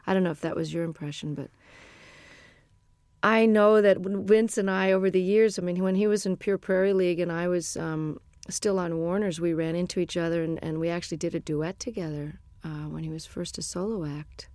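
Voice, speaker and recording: A woman's voice: fairly low pitch, steady tone, fairly quick, a little mellow, no echo. A middle-aged woman musician being interviewed, talking in a chatty, rambling, frank way. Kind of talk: casual interview chat.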